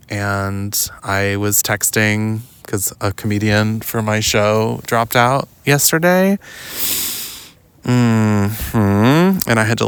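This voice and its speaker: A young adult podcast host telling a long personal story outdoors in a rambling, casual way, full of "like" and "um". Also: male voice, on the low side, gravelly, smooth, dry recording. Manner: rambling, lots of "like" and "um", mimics others in quotes. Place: outdoors walking in the woods.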